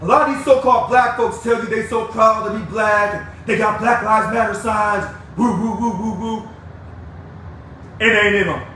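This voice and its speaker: A man's voice: high-pitched, a little fast, hardly any pauses, bright, forceful tone. An angry man giving a combative, preachy video rant to union members, calling people out and taunting them. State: angry, fired up. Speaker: union activist addressing members. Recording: echoey, distant mic with faint noise.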